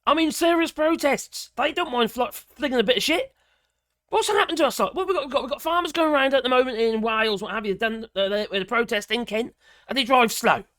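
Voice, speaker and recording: Talking fast in a slightly high voice, this middle-aged woman from Britain tears into a news article with sarcasm, indignation and the odd mild curse. Her rant is lively, and outrage sends her pitch jumping. The audio is dry and studio-clean.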